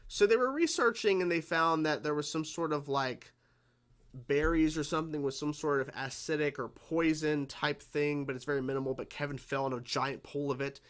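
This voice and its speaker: A man's voice: on the high side, fairly bright tone. A man giving casual reaction commentary on a cartoon episode, rambling and profane, laughing often and restarting sentences. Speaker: reaction video host.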